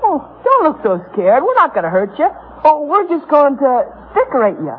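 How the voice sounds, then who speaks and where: A woman's voice: sits high, wildly swooping pitch. A woman voicing a brash, scheming schoolboy ringleader who gives the orders, in 1940s radio acting style. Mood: mocking. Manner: bossy, mocking, quick to give orders. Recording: muffled old radio broadcast.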